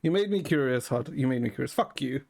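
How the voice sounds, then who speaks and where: A man streaming and chatting casually with a deadpan manner, swearing often. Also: mid-range voice, quick pace, gravelly.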